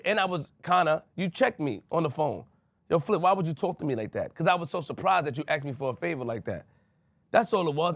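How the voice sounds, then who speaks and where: A man's voice: on the high side, dry recording. A man from Queens, a podcast host speaking to camera, emphatic and repetitive as he addresses someone directly. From Queens, New York.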